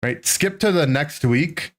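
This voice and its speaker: A man in his thirties, a streamer, telling a childhood story to his chat in an animated, rambling way, full of "right?" and "like". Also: a little high, measured pace. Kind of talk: casual storytelling to a live chat.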